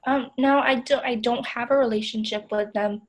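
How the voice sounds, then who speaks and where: A woman's voice: a little high, fairly even intonation, normal speed, natural voice, poor audio. A woman playing a self-critical young client, rambling. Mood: weary, frustrated. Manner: rambling, frequent "like" fillers. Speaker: client in a counseling role-play. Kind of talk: counseling role-play.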